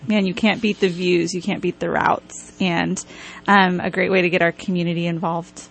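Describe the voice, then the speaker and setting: A woman's voice: on the low side, little pitch movement, moderate pace, creaky, slight background noise. A woman guest from a university staff, speaking earnestly on a radio show with some fillers. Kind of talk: radio interview.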